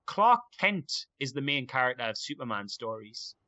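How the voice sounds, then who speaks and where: Bright-voiced young man raving enthusiastically. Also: mid-range voice, big pitch swings, normal speed, no echo. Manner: enthusiastic, rambling, full of "like". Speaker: podcast guest. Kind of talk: casual chat.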